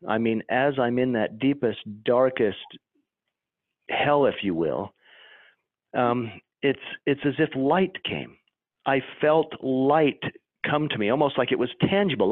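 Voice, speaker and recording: An earnest man tells a personal story as an interview guest, stumbling and restarting as he searches for words. His voice sits at a middle pitch and comes through a thin, tinny phone line. The sound is dry, with no room around it. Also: no room sound. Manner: earnest, halting, many restarts. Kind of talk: emotional personal account.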